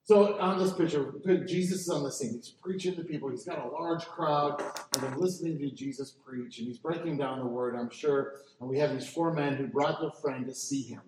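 Animated pastor preaching in an echoey church. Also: male voice, mid-range voice, slight background noise. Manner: animated preaching, calls for congregation response. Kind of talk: sermon. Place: church sanctuary. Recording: echoey hall, mic from a distance.

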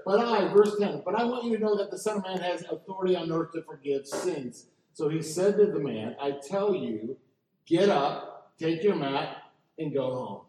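A man preaching a sermon as pastor, animated and asking the congregation to answer back. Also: a little high, a little hiss or hum. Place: church sanctuary. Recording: echoey hall, mic from a distance.

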